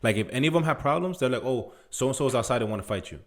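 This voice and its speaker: A man's voice: medium pitch, expressive, very fast. A man co-hosting a podcast, joking and chiming in with banter during casual chat. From Dominican family, grew up partly in New York. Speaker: podcast co-host.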